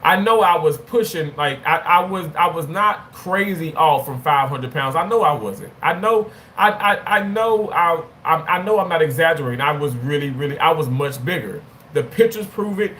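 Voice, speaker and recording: A man in his thirties with a fairly high voice tells a personal story straight to his phone camera. He talks casually and animatedly, restarting his sentences and repeating himself, with a faint hum of the room behind him. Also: normal speed, hardly any pauses. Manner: animated, repeats words, playful exclamations. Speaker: vlogger.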